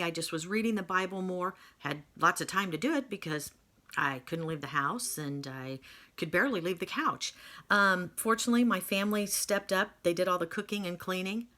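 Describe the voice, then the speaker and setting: A woman's voice: mid-range voice, pushed and bright. A woman casually telling her own story to camera at home, chatty with self-mocking humor.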